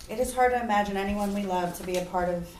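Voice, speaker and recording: A woman's voice: medium pitch, quick pace, darkish tone, echoey room. Woman giving a heartfelt speech, mic kinda far, faint room hiss. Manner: earnest, sometimes emotional. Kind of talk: persuasive speech.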